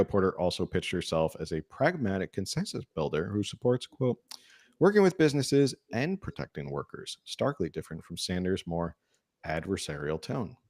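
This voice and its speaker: Reading news articles aloud and tossing in asides and filler hums, this podcast host keeps his casual political talk show conversational. His voice is deep and slightly mellow, recorded at studio quality with no room sound.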